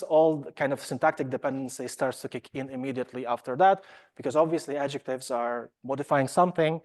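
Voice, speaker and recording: A man giving an academic lecture, talking hesitantly with many fillers and restarts, and slipping in wry asides about himself. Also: mid-range voice. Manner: wry self-deprecating asides.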